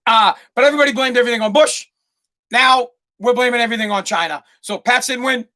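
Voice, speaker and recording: A man, hosting a podcast as a sarcastic, excitable, profane comic rant that often breaks into shouting. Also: extremely high pitch, fast talker. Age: 40s. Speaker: podcast host. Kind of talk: comedic rant.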